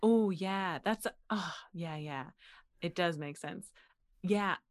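A young American woman from Pennsylvania, a voice actor chatting as an interview guest, animated and quick to laugh. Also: lowish voice. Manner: animated, laughs often, frequent "like" fillers. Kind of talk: casual interview chat.

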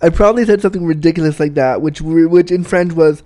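A man's voice: on the high side, fast, mellow. A Canadian man hosting a podcast, telling candid stories in a profane, self-mocking way and laughing at his own jokes. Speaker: podcast host. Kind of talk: candid storytelling monologue.

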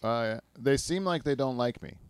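A man hosting a podcast in casual, rambling chat, self-mocking and quick to laugh. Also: medium pitch, smooth, no echo, clean studio sound. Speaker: podcast host.

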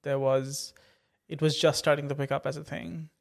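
A man's voice: on the high side, flat delivery, normal speed, vocal fry, darkish tone. A man hosting a podcast, talking in a teasing, rambling casual chat. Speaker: podcast host.

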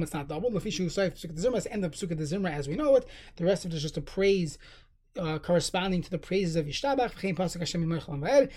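Guy teaching a halacha class, reads the hebrew then explains it in english, steady and patient. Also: sits high. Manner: steady explanatory tone with fillers and restarts. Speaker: Torah teacher. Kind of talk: halacha study lesson.

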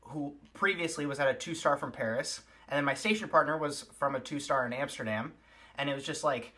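A man's voice: a little high, a little fast, bright, forceful tone. A man from the United States, a chef talking earnestly as a podcast guest, with many "like"s. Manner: earnest, filler-heavy with many "like"s. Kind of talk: casual chat.

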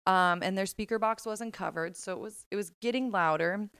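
A woman co-hosting a podcast, recounting a story in an animated, chatty way with plenty of filler words. Her voice is smooth and clear, recorded close and dry with no room sound. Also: medium pitch, normal speed, no room sound. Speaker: podcast co-host. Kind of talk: casual chat, storytelling.

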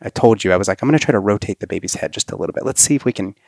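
Brief: man, doctor, quick plain delivery, dry sound. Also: on the low side, creaky, no room sound. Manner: plain, explains clinical detail. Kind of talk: casual chat.

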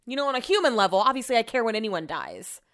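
A woman's voice: a little high, big pitch swings, fast talker, fairly bright tone. A young woman hosting a podcast alone from her home office, talking casually and rambling with lots of "like", sounding shaken and subdued. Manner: chatty, rambling, says "like" often. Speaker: podcast host. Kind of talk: casual solo podcast chat.

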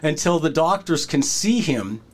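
A man hosting a podcast, telling a wrestling locker-room story in a casual, animated way and acting out the voices of the people in it. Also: fairly high pitch, a little slow. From Canada. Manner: animated, acts out quoted voices, breaks into laughter.

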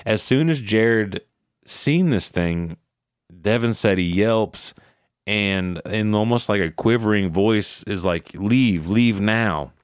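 A man's voice: on the low side, takes it slowly, clear, resonant tone, no echo, studio quality. A man hosting a podcast, retelling eerie camping stories in loose, casual, profane talk. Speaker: podcast host. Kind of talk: casual storytelling chat.

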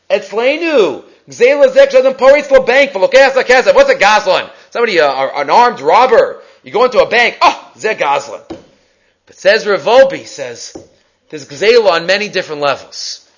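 High-pitched man teaching a Torah class. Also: moderate pace, highs cut off. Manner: animated storytelling, quoting Hebrew texts.

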